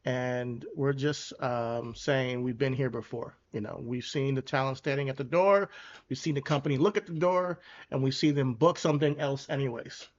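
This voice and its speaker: A man hosting a podcast in casual chat, laid-back and measured, often hedging his takes. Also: mid-range voice, dull audio. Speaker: podcast host.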